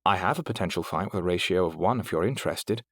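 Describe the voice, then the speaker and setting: In this audiobook character voice, a low-voiced man talks at a quick pace over a dry recording. His role is a courteous, poised female AI companion, polished and polite, with a British accent and careful, correct diction.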